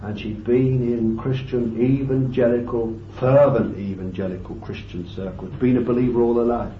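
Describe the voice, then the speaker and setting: A man preaching a fervent sermon, swinging from loud exclamations to hushed asides. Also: medium pitch, steady tone, normal speed, a little hiss or hum. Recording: roomy, distant, dull lo-fi tape recording.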